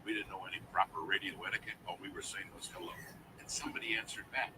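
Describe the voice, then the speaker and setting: Male preacher, deep voice, storytelling sermon, played back from afar with noise. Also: steady tone, fast talker, distant mic.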